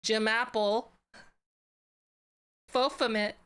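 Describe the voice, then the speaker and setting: A woman's voice: a little high, fairly even intonation, very slow, fairly bright tone, clear, resonant tone. A woman VTuber streamer chatting casually and playfully with her chat, giggling and reading names aloud.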